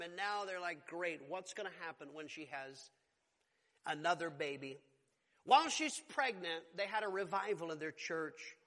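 High, bright-voiced man preaching a sermon. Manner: emphatic preaching, rising to loud exclamations. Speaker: pastor. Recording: long hall reverb.

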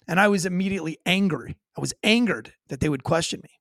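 A man with a rather high voice tells a story from his police days, blunt and full of curses. The sound is close and dry, with no room around it. He lays out each moment in vivid detail. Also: fast, few pauses, fairly bright tone, no echo. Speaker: former police officer. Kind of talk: recounting a personal story in an interview.

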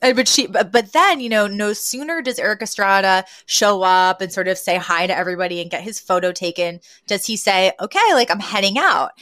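A woman chatting casually as a podcast co-host, recapping a sitcom episode with lots of laughter and quick impressions of the characters. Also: mid-range voice, no room sound. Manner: animated, laughs often, acts out quotes in different voices.

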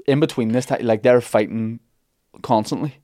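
Mellow man telling a myth. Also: mid-range voice, normal speed, no echo, studio quality. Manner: rambling, jokey, full of asides and restarts. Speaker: podcast host telling a myth. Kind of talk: casual comic storytelling.

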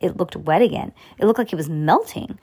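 A woman reading a children's chapter book aloud, stumbling and rereading as she goes, giving the characters lively voices. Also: on the low side, a little fast, breathy edge. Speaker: reader.

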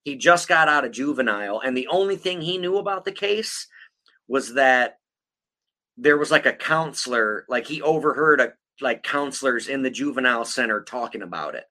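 Male podcast host, bright lively delivery, profane and blunt, quick to laugh at his own story. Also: medium pitch. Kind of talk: casual true-crime storytelling.

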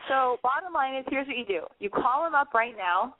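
A woman hosting a call-in advice podcast, blunt and excitable, swearing freely as she talks callers through their problems. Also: high voice, fairly quick, no echo. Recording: phone-like narrow sound, dry.

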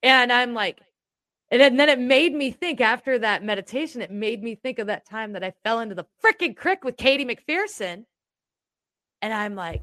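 Woman podcast cohost rambling thru a story, kinda high voice, super dry close sound. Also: lively intonation, normal speed, a bit bright, no room sound. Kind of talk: casual chat.

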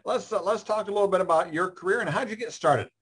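A man hosting a casual online show, friendly and halting with lots of fillers. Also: high voice, fairly bright tone, slightly rough. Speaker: host. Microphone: video call.

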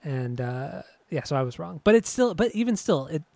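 Swearing, rambling podcast co-host. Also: male voice, on the high side, very animated, moderate pace, creaky, a little mellow, no echo. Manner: rambling, swears freely, laughs often. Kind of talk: casual music podcast chat.

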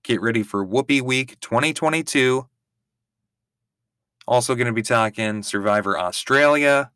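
A man's voice: mid-range voice, bright, forceful tone, smooth, dry recording, clean studio sound. A man hosting a podcast, chatting casually and wryly with offhand swearing during a watch-along. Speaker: podcast host.

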